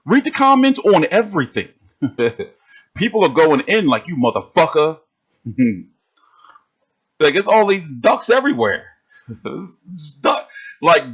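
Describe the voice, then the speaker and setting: Male streamer, high lively voice, swearing rant, dull lo-fi sound. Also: measured pace, breathy edge. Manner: animated, swearing, fired-up. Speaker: livestream host reacting to boxing. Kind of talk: casual profane livestream rant.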